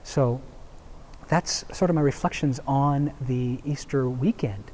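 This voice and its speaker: A man's voice: medium pitch, slow pace, a little mellow, slight background noise. A young man, a Jesuit deacon, shares earnest reflections in a video blog, telling a story with many fillers and restarts.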